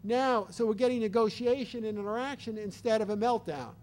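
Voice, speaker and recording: An older man giving an explanatory talk on child development, animated and acting out baby and parent voices as examples. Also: sits high, fairly quick.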